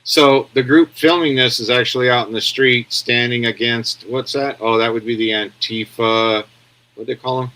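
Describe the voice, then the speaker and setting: A man's voice: medium pitch, fairly even intonation, normal speed, bright, forceful tone, a little hiss or hum. A man hosting a casual news commentary stream, rambling bluntly and answering viewer comments as he goes. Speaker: commentary show host.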